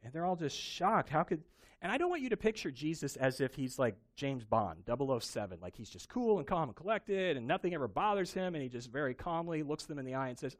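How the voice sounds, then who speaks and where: A man preaching a sermon, telling a Bible story with animated emphasis. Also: fairly high pitch, brisk. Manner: animated storytelling, acting out quoted voices. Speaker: pastor.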